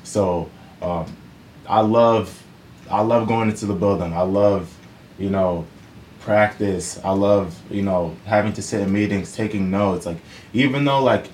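A man with a very deep voice talks loosely and casually, circling back with "you know" and "like" as he thinks aloud. A faint hiss of noise sits under his voice. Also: a little slow. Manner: relaxed, rambling, many fillers and restarts. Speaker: professional football player guest. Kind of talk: casual interview answers.

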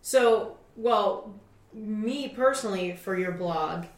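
A woman's voice: medium pitch, takes it slowly. Chatty woman telling a story. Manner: lively storyteller, swears, acts out quotes. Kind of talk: casual chat. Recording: echoey room.

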